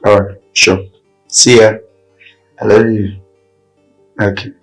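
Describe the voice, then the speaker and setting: An actor playing a calm man who reassures his friend while they wait for an agent. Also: on the low side, soft background music, rough recording. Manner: reassuring, unhurried. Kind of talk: Nollywood film acting.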